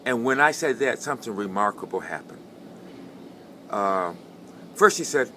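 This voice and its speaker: A middle-aged man sharing a personal testimony in a conversational way, repeating phrases for emphasis and building to fervent high points. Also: animated, moderate pace, pauses often, sharp tone, a little hiss or hum.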